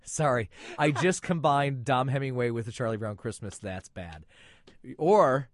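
A man's voice: medium pitch, normal speed, dry recording. A man reviewing films and chatting on the radio, with chatty joking asides. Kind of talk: casual radio chat.

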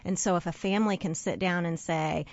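A woman's voice: fairly low pitch, steady tone, a little fast. A woman who is a guest expert on a radio show, explaining things earnestly with frequent restarts. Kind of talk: radio interview. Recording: slightly dull, dry radio sound.

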